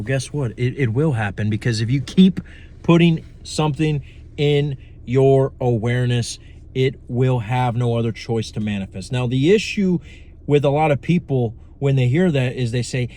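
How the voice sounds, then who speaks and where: A man's voice: a little high, normal speed, a little mellow. A young man giving a casual, profane, rambling talk on manifestation, blunt and full of asides. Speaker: manifestation coach. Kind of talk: casual monologue to camera.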